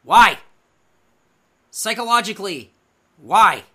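A man co-hosting a podcast, recapping wrestling matches in casual chat and acting out the wrestlers' lines in loud bursts. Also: sits high, lively intonation, takes it slowly. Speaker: podcast co-host.

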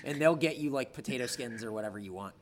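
An animated man with a mid-range voice co-hosts a podcast, recapping wrestling in casual conversation. He's enthusiastic and swears a lot, quick to tease his co-host.

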